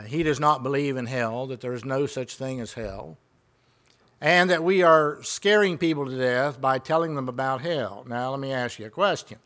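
A man's voice: mid-range voice, fairly bright tone. A man preaching a sermon in a conversational way, retelling conversations and asking the congregation rhetorical questions.

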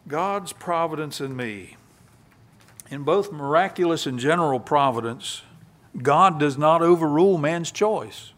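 A man preaching a sermon, reading scripture quietly and then building to loud, emphatic passages. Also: a little high, animated, measured pace.

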